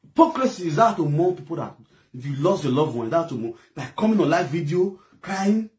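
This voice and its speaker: Pitched on the high side with a darkish tone, this man speaks briskly and swings his pitch widely. A Nigerian-accented social media commentator from Edo State, he scolds heatedly in an online rant, alternating pidgin and a local language.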